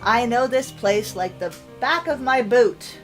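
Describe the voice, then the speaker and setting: A woman putting on a booming old sea skipper. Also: very animated, takes it slowly, a little mellow, soft background music, heavily acted. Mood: hearty. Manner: booming, clumsy attempt at a sailor accent. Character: jolly old male ship skipper.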